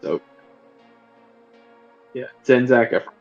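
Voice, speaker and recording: A man's voice: medium pitch, animated, slow pace, creaky, darkish tone, muffled recording, soft background music. A man co-hosting a podcast, chatting casually about a film in a rambling way with many fillers and restarts. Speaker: podcast co-host.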